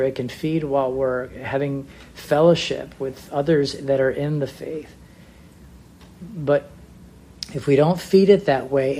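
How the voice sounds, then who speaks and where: A man teaching on faith, speaking in an unscripted, reflective way with pauses and restarts. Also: medium pitch, darkish tone, a little hiss or hum. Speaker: Bible teacher.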